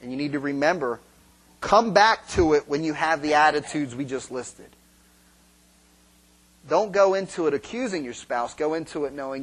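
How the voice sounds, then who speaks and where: A man's voice: a little high, moderate pace, pauses often, a bit bright. A man preaching a sermon on marriage in a conversational way, asking the congregation questions and acting out quarrels. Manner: acts out quarrels in quoted voices.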